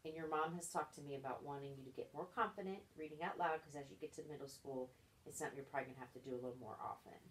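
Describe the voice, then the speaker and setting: A woman's voice: sits low, racing, a little hiss or hum. A woman tutoring a child in reading one-on-one, patient and encouraging, explaining each step.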